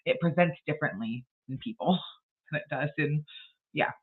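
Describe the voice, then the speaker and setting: A woman's voice: deep voice, moderate pace, narrow, tinny audio. A woman hosting a casual writing livestream, chatting bluntly and rambling with frequent laughs. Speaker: livestream host.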